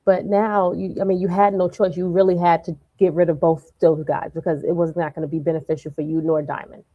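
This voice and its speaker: A woman's voice: on the low side, little pitch movement, a little fast, dry recording, dull audio. A woman co-hosting a TV review show, giving blunt, reactive comments in casual chat.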